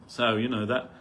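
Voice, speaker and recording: A man's voice: medium pitch, a bit bright, slight background noise. A man giving an informal spiritual talk at a temple gathering, rambling conversationally and peppering his stories with "you know".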